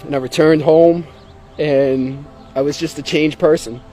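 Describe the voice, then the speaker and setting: Guy telling his own faith story, earnest and emotional, mellow tone, faint music under it. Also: fairly high pitch, fairly even intonation, measured pace. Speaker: testimony speaker. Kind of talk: personal testimony.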